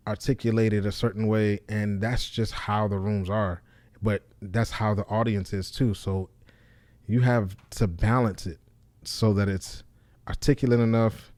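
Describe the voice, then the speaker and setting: A man who is a stand-up comedian, talking casually to camera in a low, deep, monotone voice with loose fillers. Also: dry recording. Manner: loose, repeats himself with fillers like "you know what I'm saying".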